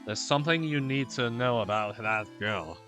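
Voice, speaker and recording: A man voicing a panicky, earnest young male defense attorney in a high, strained, loud voice. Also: moderate pace, over music, natural voice. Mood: indignant. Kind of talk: game dialogue read aloud.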